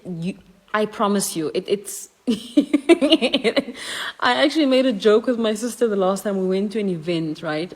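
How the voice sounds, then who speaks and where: A woman's voice: mid-range voice, rough recording. A woman, telling a casual, chatty story to the camera. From South Africa. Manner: chatty, laughing, animated. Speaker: reaction creator.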